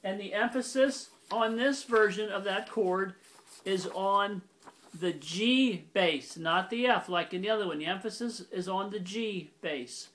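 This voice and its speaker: A man's voice: sits high, measured pace. A man giving a casual accordion lesson, explaining step by step in a plain, methodical way and stopping now and then to correct himself. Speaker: accordion teacher. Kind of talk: casual instructional demonstration. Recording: loud accordion under the voice. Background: accordion playing.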